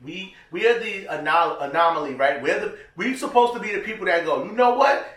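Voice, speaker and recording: Male co-host, casual and slangy, animated, recorded far from the mic in a roomy space. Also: on the high side, a little fast. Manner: animated storyteller, slangy, acts out quotes. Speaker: podcast co-host. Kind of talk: casual chat. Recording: echoey room, distant mic.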